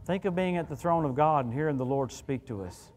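A male guest preacher with a fairly high voice tells stories from the pulpit. He is animated and chatty, throwing quick asides to the congregation. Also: slight background noise. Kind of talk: storytelling sermon. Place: church service.

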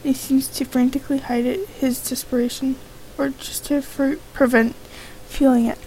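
High-voiced woman reading game dialogue. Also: flat delivery, moderate pace, warm tone, slight background noise, poor audio. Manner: reads each character's lines in her own voice, reacts with exclamations. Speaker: let's play gamer.

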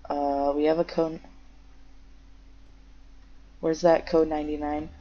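A woman's voice: low voice, takes it slowly. Chatty young woman gaming, dull mic. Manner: chatty, excitable, talks to her cats. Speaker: gamer playing a firefighter game. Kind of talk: casual gameplay commentary with radio calls.

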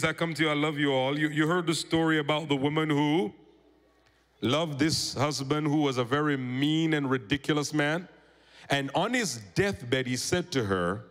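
A man preaching in a church with a long echo trailing each phrase. His voice sits a little high, and he tells stories and calls out for amens. He swings from raised proclamation to low, intense pleading. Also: a bit bright. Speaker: pastor. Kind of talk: sermon. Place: church sanctuary. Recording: church hall reverb.

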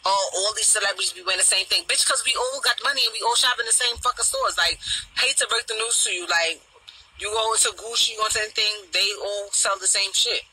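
Blunt, profane woman with a deep voice. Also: fast talker, husky, rough recording. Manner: blunt, profane and mocking, repeating sharp questions. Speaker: panelist on a talk show. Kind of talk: casual chat, ranting.

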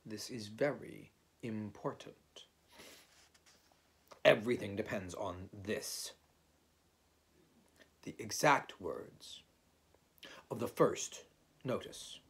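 A man's voice: medium pitch, creaky, slightly rough, heavily acted. A man doing a pompous, bluffing owl. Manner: pompous and slow.

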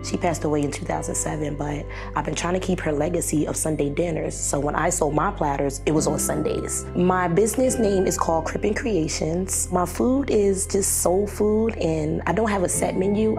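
A woman talking in a documentary interview about moving into a new home, excited and laughing often. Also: on the low side, normal speed, gravelly, hardly any pauses, music in the background. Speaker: program participant in a video.

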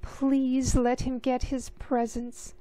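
A spirited young girl from a storybook, as a woman reader puts her on. She speaks earnestly and exclaims, at an unhurried pace. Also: sits high, flat delivery, mellow, no echo, pitched above the performer's own voice.

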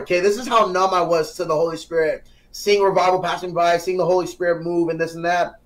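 A young man on a podcast giving an earnest personal testimony, telling it as a story with quoted dialogue and growing animated at the high points. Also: a little fast. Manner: earnest, grows animated and excited when telling the climax. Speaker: podcast guest. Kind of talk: casual testimony.

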